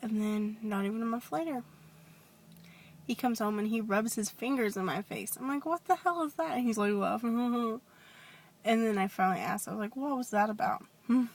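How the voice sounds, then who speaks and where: Hesitant higher-voiced woman confiding. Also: fairly even intonation, fairly quick, slight background noise. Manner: hesitant, rambling, with many restarts. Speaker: vlogger. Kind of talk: personal confession vlog.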